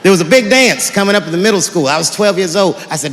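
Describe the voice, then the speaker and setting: A middle-aged man doing stand-up storytelling on a theater stage, animated and profane, with exasperated outbursts. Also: fairly high pitch, racing, few pauses, noisy background. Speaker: stand-up comedian. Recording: theater hall reverb with faint audience ambience.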